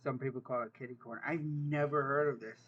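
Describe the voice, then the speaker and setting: A man's voice: mid-range voice, fairly even intonation, fast, dull audio, slight background noise. A young man, casually reacting to a dialect quiz, joking and incredulous as he thinks aloud. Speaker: vlogger taking an online dialect quiz.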